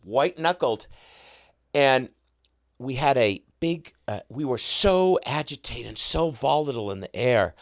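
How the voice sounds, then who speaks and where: Lively middle-aged man telling stories. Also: medium pitch, measured pace, dry recording, studio quality. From United States. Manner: excitable, self-interrupting, mimics sounds. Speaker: guest. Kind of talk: animated storytelling.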